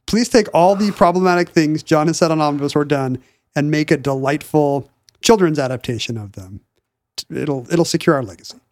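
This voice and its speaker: A man co-hosting a podcast, riffing quickly and wryly in casual chat. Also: a little high, darkish tone, dry recording. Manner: quick, wry, talkative riffing. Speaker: podcast co-host.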